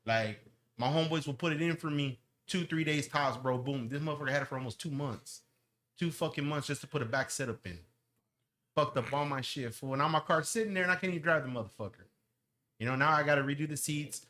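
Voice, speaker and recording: A man and lowrider owner, ranting heatedly in casual podcast chat, with slang and heavy swearing. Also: fast talker, pushed and bright.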